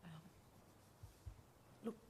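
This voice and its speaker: A woman playing a supportive friend in a role-play, speaking gently and patiently to reassure him. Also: very slow, a little hiss or hum. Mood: calm. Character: calm supportive friend talking someone down.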